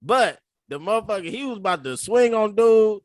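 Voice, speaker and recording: A man co-hosting a podcast, telling stories in a casual, animated way and laughing often. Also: sits high, moderate pace, no echo, studio quality. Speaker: podcast co-host. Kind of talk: casual storytelling chat.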